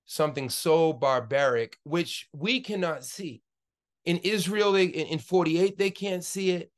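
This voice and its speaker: A man in his forties giving an online class lecture as the instructor, impassioned and rambling, with many fillers and restarts, into a computer mic on a video call. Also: a little high. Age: 40s.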